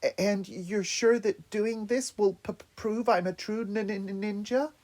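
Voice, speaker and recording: A man's voice: high-pitched, steady tone, measured pace, a little mellow, voice pushed up. A man voicing a small, timid young mutant turtle in an audiobook, stammering nervously. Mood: scared.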